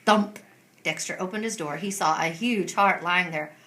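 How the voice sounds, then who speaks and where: Woman reading a storybook aloud, bright tone, lively swooping delivery, animated. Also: lowish voice, normal speed. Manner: expressive, animated narration.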